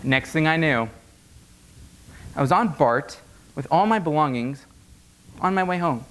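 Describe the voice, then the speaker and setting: A young man giving a humorous contest speech, animated and playful, acting out the scenes. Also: fairly high pitch, a little slow. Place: conference hall.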